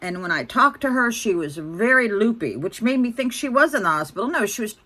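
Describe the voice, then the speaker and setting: A woman's voice: a little high, animated, a little fast, pushed and bright. A woman in her sixties, venting bluntly and ramblingly to her phone camera. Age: 60s. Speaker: vlogger.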